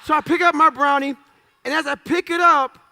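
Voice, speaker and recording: High gravelly guy, bright sharp voice, blunt cussing storyteller on stage. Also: steady tone, fairly quick. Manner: blunt, profane, punchy storytelling. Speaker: guest speaker. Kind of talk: storytelling interview before a live audience.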